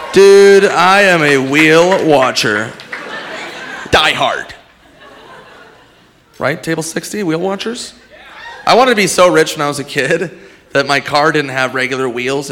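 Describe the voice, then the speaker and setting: A man doing a stand-up comedy set, profane, acting out characters along the way. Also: a little high. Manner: animated, profane, acts out characters.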